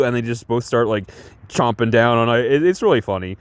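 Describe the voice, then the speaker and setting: A man's voice: mid-range voice, fast talker, clean tone, no echo. A man casually talking through a movie he reviews, rambling with lots of fillers and restarts and chuckling often. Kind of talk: casual film review chat.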